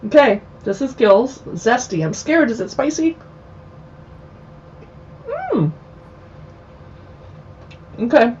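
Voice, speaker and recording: A woman hosting a casual live video chat, tasting snacks, chatty and quick to laugh. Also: fairly high pitch, animated, a little mellow. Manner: chatty, laughs easily, talks with her mouth full. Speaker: host. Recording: dull lo-fi sound with faint noise.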